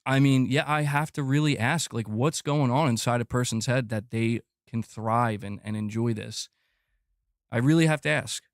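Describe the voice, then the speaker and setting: A gaming channel host rants on a livestream while reading chat, exasperated and profane. He repeats himself and his pitch climbs as he gets worked up, speaking at a normal speed in a studio-quality recording with no room sound.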